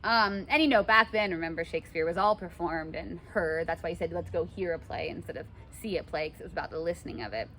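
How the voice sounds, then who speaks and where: A woman's voice: lowish voice, quick pace, hardly any pauses, slight background noise. Chatty woman teacher lecturing a class. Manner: chatty, animated, many fillers. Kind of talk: classroom lecture with read-aloud passages.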